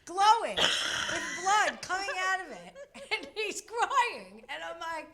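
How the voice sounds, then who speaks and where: A middle-aged woman co-hosting a casual talk show, telling a family story in an animated way. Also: very high-pitched, takes it slowly. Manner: animated storytelling, acts out voices. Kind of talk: casual chat.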